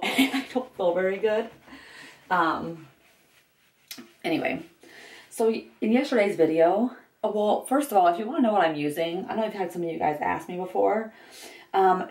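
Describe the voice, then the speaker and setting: A young woman chats candidly to her camera, circling back often with fillers and restarts. Her voice sits on the low side. The sound is roomy and echoey, with her a little away from the mic. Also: darkish tone, recorded from a distance. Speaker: vlogger. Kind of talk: get-ready-with-me vlog. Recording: echoey room, voice a bit off-mic.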